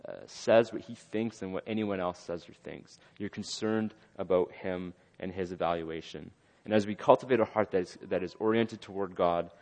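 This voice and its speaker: A man's voice: deep voice, big-room sound. A young man preaching a sermon, talking through a story with restarts and self-corrections.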